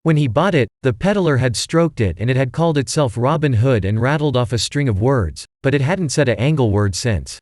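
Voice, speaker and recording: A man's voice: mid-range voice, a little fast, few pauses, no echo. Man narrating an audiobook, dry sound. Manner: steady storytelling. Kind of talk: scripted narration.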